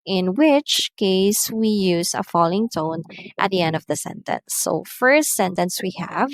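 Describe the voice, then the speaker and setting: A woman's voice: medium pitch, animated, measured pace, no room sound. A woman English teacher giving a recorded lesson on intonation and reading numbered example sentences aloud. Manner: says "so" at the start of many lines.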